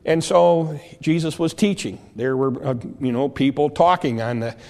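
A man's voice: fairly high pitch, normal speed, darkish tone. A male preacher giving a sermon who explains scripture verse by verse, often stumbling over and repeating his words as he goes.

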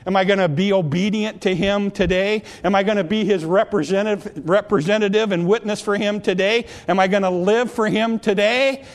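Speaking briskly and with few pauses, this male pastor has a high-pitched voice and fairly even intonation. He preaches in a church sanctuary, earnestly putting the same questions to the congregation again and again, then leads a prayer as part of an altar call.

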